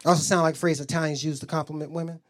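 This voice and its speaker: A man's voice: fairly high pitch, level tone, rapid-fire. A man doing a loose, rambling stand-up comedy set on a club stage, acting out bits.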